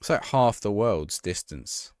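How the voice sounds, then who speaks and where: A man's voice: fairly low pitch, animated, measured pace, darkish tone, smooth, no room sound, clean studio sound. A man streaming a football management game live, reacting to the action and chatting with his viewers.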